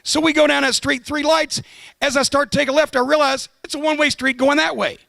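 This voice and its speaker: High, gravelly man telling stories. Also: fast talker, no room sound. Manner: sardonic, profane, animated storyteller. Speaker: roast guest of honor. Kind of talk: comedy roast speech, storytelling.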